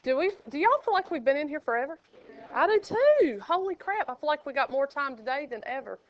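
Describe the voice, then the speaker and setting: A woman's voice: high voice, expressive, fast. A woman math teacher, teaching a classroom and joking with her students. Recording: dull lo-fi classroom recording.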